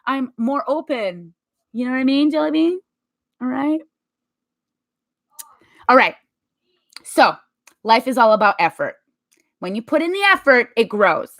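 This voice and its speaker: A vlogger in her thirties gives an emphatic, animated motivational talk to her viewers, acting out little quotes along the way; her voice is high-pitched and the recording dry.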